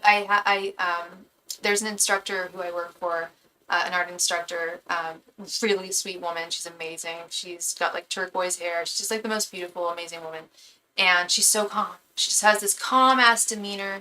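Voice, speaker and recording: A woman's voice: medium pitch, steady tone, moderate pace, bright, forceful tone, poor audio. A woman tarot reader giving a live reading to her chat in a casual, chatty way, often stumbling and repeating words as she talks.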